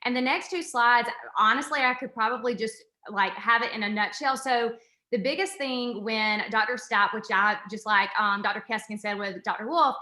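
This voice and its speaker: A woman, an assistant professor presenting a program in a fast, excited, chatty way. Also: fairly high pitch, roomy sound.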